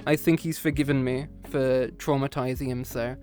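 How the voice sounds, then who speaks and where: A man's voice: medium pitch, fairly even intonation, normal speed, darkish tone, soft background music. A man streaming a casual chat with his viewers after a history lesson, playful and teasing, often slipping into meows and growls.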